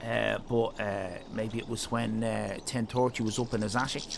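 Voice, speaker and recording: A man's voice: fairly low pitch, flat delivery, moderate pace, creaky, noisy background. A man with an Irish accent, rambling and joking with his viewers in a casual live stream. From Northern Ireland. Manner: rambling, jokey, chatting to viewers.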